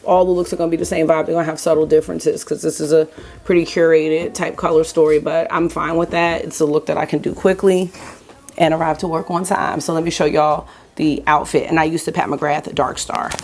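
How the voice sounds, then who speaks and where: A woman's voice: deep voice, level tone, fairly quick, a little mellow. A woman in her thirties talking casually and rambling to viewers while doing her makeup at home. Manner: rambling, chatty, talks straight to viewers. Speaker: beauty vlogger. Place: home, getting ready in the morning.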